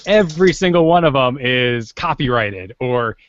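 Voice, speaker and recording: A young man, a voice actor, giving relaxed advice in a casual podcast chat. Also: medium pitch, normal speed, dull audio. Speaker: voice actor guest.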